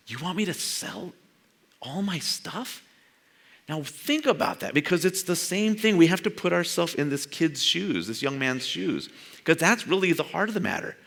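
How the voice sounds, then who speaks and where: An older man preaches a sermon in a loose, conversational way, slipping into quoted dialogue and laughing at his own asides. His voice is bright and clear. His pitch rises and falls a lot as he talks. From San Jose, California. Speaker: pastor.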